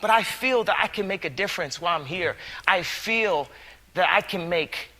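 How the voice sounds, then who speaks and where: An earnest man muses philosophically in a rambling interview. His high voice is bright and lively. A long reverberant tail hangs on the recording. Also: normal speed. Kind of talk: interview musing.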